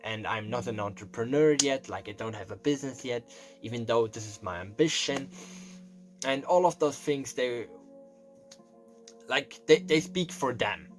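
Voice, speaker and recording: A man's voice: mid-range voice, normal speed. Young man close to tears. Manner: rambling and emotional, heavy on fillers and swearing. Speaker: vlogger. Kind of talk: confessional storytelling monologue. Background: faint background music.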